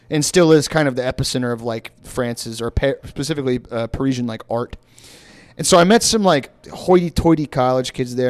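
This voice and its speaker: A man from Texas telling rambling travel stories on a casual comedy podcast, slipping into quick put-on voices. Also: mid-range voice, clear, resonant tone. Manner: rambling storyteller, puts on voices for quotes. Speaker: podcast host.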